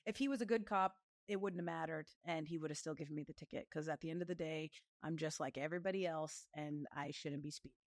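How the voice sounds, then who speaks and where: A woman in her thirties telling lively stories in a casual interview, acting out other people's voices. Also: fast talker, hardly any pauses. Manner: animated, acts out other voices with big pitch jumps. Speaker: guest, professional fighter.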